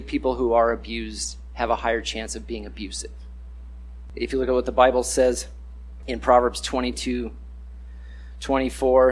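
A man's voice: mid-range voice, breathy edge. A man giving a casual, conversational sermon, acting out the voices he quotes.

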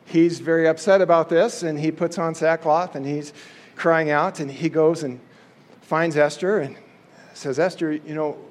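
A man's voice: on the high side, fairly even intonation, unhurried. A man casually and animatedly retelling a Bible story as a teacher.

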